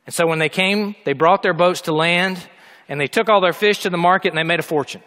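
High-voiced animated preacher man. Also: a little fast. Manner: animated storytelling, humorous asides. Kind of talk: sermon.

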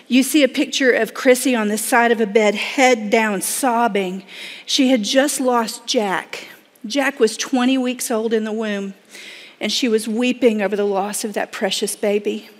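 A woman's voice: on the high side, in a large hall. A woman from Florida with a Southern accent, giving a folksy church talk and addressing the audience directly. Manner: folksy, talks straight to the audience with many "y'all". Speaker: pregnancy center director speaking at church.

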